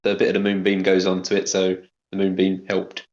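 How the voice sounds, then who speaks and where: A man's voice: low voice, monotone, fairly quick, noisy background. A man playing a tabletop game, easygoing about setbacks. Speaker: player. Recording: roomy, muffled remote line.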